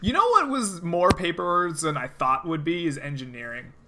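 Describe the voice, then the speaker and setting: A man's voice: a little high, expressive, moderate pace, pushed and bright, slight background noise. A man from Texas hosting a casual chat before a tabletop game, laughing often and steering the talk to the others. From El Paso, Texas. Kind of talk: casual chat over voice call.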